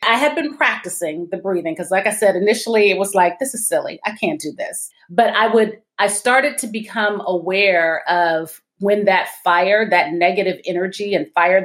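A woman guest in a podcast interview, telling her story in a measured, self-reflective way and laughing at herself. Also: fairly low pitch.

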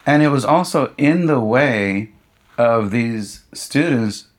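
A man, a pastor being interviewed, telling a personal story in a lively conversational way, with humorous asides and acted-out quotes. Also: medium pitch, slow. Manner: animated storyteller who acts out what others said; humorous, self-deprecating asides. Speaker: pastor and guest speaker.

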